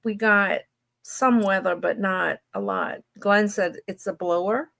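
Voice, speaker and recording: A woman co-hosts a relaxed live chat with a friend, her voice sitting at an ordinary middle pitch. She is easygoing and chatty, and now and then she breaks off to talk to someone nearby. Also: measured pace, creaky. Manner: chatty and easygoing, talks to people off-camera between remarks. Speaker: co-host. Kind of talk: casual live-stream chat between friends.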